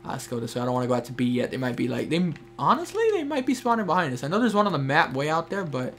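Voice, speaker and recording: A young gameplay streamer with a fairly high, somewhat bright voice races along with big pitch swings, giving chatty commentary to teammates and viewers during a shooter game. Slight background noise and faint game gunfire can be heard behind him.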